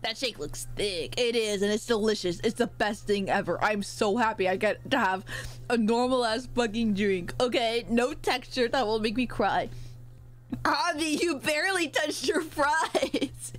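A woman's voice: fairly high pitch, unhurried. A young woman streaming casually while she eats, joking, swearing now and then and thanking her chat. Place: home, eating on camera.

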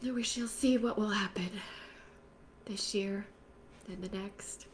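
A woman leading a spoken prayer for a women's group, calling out loudly at times and dropping to a whisper at others. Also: mid-range voice, takes it slowly, a little hiss or hum. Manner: swings from loud fervent calls to soft whispered prayer.

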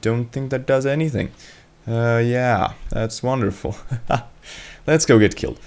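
A man's voice: mid-range voice, unhurried, darkish tone. A young man giving jokey gameplay commentary as a let's play host, bursting into yelps and swearing and teasing the game monsters. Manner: talks to game monsters in mock voices.

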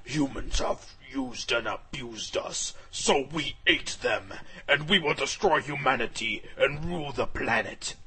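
A man voicing a pack of rebellious, man-eating rogue dragons in a slow, menacing drawl during a comic story reading. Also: mid-range voice, pushed and bright.

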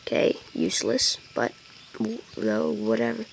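A tired woman, a let's-play gamer, rambles and jokes to her viewers while playing a video game. Her medium-pitched voice is sing-song and a little slow, with vocal fry, and there's background noise.

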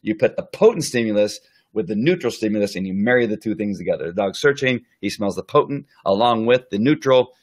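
Brief: man, dog trainer, lowish voice, talks casually with lots of "uh" and "right?". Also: animated. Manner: chatty, rambling, many fillers and restarts; acts out the dog's thoughts in quick asides. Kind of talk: casual live-stream lesson.

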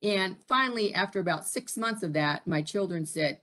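Low-voiced woman leading a workshop. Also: fairly bright tone. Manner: frequent fillers and pauses, asks the audience questions. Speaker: presenter at a military family program. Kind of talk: live-streamed workshop talk.

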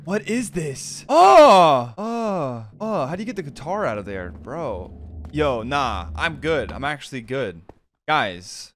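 A young man commentating his gameplay, easily spooked and prone to yelps and shouts. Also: mid-range voice, slight background noise. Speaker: gamer being pranked.

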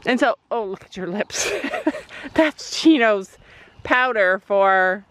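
A woman's voice: medium pitch, animated, takes it slowly, fairly bright tone, no echo, low-quality recording. A middle-aged woman and mother, chatting in a casual vlog while she stands outside by a horse, rambling through her story with lots of fillers. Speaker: vlogger, mother. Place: outdoors by a horse near a road.

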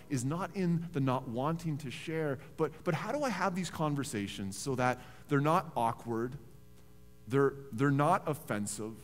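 A man, a pastor preaching a sermon in a church in a conversational, animated storytelling way. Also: medium pitch, a little hiss or hum. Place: church sanctuary. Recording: reverberant church hall.

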